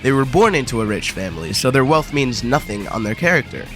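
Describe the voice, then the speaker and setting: A man's voice: medium pitch, very animated, a little fast, a bit bright, faint music behind. A young man hosting a gaming video, delivering sarcastic, crude commentary full of profanity and mock drama.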